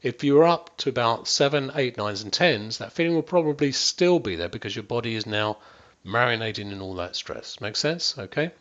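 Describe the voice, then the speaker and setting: A man's voice: mid-range voice, expressive, fairly bright tone, dull audio. Man coaching a stress-relief exercise. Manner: instructive, addressing listeners directly, checking in often; drops to near-whispers and slows down to demonstrate. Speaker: wellbeing coach. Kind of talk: guided stress-management exercise.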